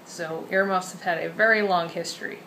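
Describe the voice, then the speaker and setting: A woman's voice: lowish voice, steady tone, brisk, gravelly, pushed and bright, a little hiss or hum, rough recording. A woman children's book author talking casually to the camera, chatty and rambling, full of ums and uhs. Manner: chatty, rambling, with many fillers.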